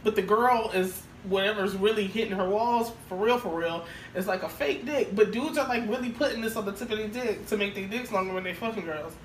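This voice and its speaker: Talking a little fast and barely pausing, a woman with a mid-range voice co-hosts a casual podcast. Blunt and crude, she laughs a lot while telling stories, heard through a distant, roomy mic with slight hiss.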